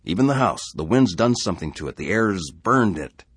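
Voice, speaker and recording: Guy doing a panicky settler man, deep voice going way up and down, kinda husky. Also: big pitch swings, normal speed, dry recording, exaggerated voice. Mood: alarmed. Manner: urgent, pleading. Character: anxious male settler, frantic and fearful.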